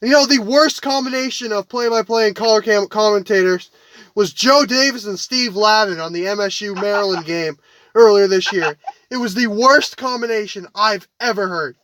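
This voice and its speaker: Argumentative male podcast co-host, very high voice, bright, faint background hiss. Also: normal speed. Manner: blunt, argumentative. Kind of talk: casual sports chat.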